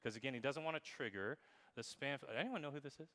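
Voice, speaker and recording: A man giving a lively conference keynote on marketing, playful and quizzing the crowd, reading examples aloud in exaggerated voices. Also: mid-range voice, fast. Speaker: keynote speaker. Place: conference hall with audience. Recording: long hall reverb.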